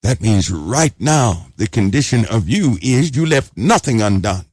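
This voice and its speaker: A man's voice: on the low side, big pitch swings, measured pace, darkish tone, breathy edge, no room sound, clean studio sound. A man preaching an urgent sermon, exhorting listeners and repeating phrases for emphasis.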